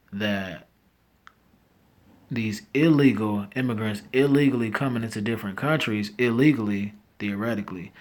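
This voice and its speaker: Rambling man reacting to headlines. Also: on the low side. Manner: reads headlines then reacts with loud disbelief; rambling, self-interrupting, slangy asides. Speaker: news commentary host. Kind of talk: casual commentary reading headlines aloud.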